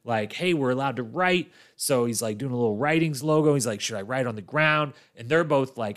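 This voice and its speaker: A man hosting a casual recap monologue, telling the story with lots of fillers and acting out the people he quotes in livelier voices. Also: a little fast. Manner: animated storytelling, acts out quoted people with jumps in pitch, many fillers. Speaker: podcast host recapping a reality show.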